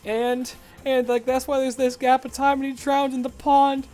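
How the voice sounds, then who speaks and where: A man voicing a frantic, tearful little boy who pleads loudly in a high voice. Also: little pitch movement, normal speed, clear, resonant tone, soft background music. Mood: tearful pleading.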